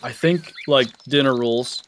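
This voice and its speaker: A young gaming streamer chats casually while livestreaming a game, his mid-range voice at normal speed with a little hiss or hum in the audio. He is laid-back and rambling, leaning heavily on filler words like "like."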